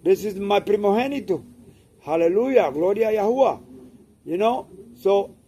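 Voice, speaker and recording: A man's voice: high-pitched, expressive, moderate pace, warm tone, slight background noise. An older man from Cuba, a pigeon breeder talking casually to camera, emphatic and repetitive, often tagging "okay?" onto his points.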